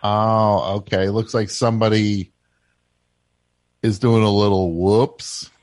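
Brief: male call-in host, mid pitch, deadpan, halting, dry close sound. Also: dry recording. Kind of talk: casual call-in radio chat.

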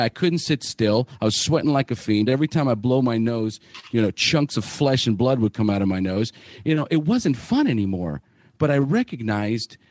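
Candid man telling a rough story. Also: mid-range voice, darkish tone, no room sound. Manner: candid, swearing, many fillers and restarts. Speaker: podcast host. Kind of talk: casual podcast story.

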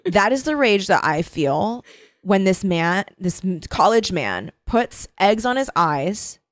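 Giggly rambling woman, animated pitch. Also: slow pace, no room sound, studio quality. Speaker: podcast co-host. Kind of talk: casual comedic chat.

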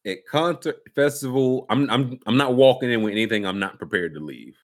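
A man chatting casually, slangy and animated, acting out quotes as he tells stories. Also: medium pitch, a little fast. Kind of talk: casual chat.

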